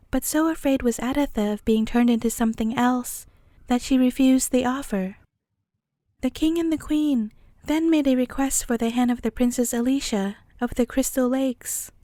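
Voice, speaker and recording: A woman storyteller reading a fairy tale aloud at bedtime, calm and measured. Her voice is high yet mellow, recorded close and dry. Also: dry recording.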